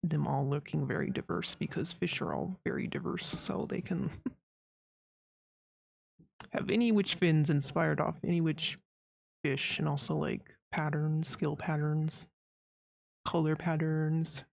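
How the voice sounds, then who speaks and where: A woman's voice: low-pitched, slow pace, creaky, long pauses, darkish tone. A woman streaming her art, chatting casually and rambling as she draws, with frequent giggles and playful sound effects. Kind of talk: casual chat while drawing.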